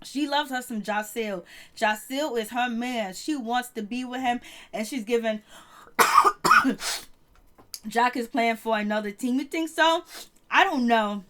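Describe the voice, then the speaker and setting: A woman's voice: fairly high pitch, unhurried, long pauses, bright, forceful tone, a little hiss or hum. A woman chatting through a reality TV episode recap, laughing often and trailing off mid-thought. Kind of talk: casual gossip recap.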